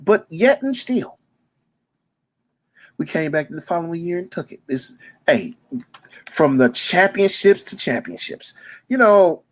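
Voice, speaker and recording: A man from Detroit, a former youth football coach, talking off the cuff as a fan. He gets emotional, repeats himself, stumbles over words and breaks into sudden loud bursts. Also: high voice. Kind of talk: emotional unscripted fan monologue.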